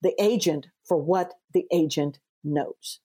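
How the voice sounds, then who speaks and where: A woman hosting an interview, an author who tells lively stories, acts out quoted dialogue and speaks earnestly from her faith. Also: low-pitched, slow pace, husky. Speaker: podcast host and author. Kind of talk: conversational interview.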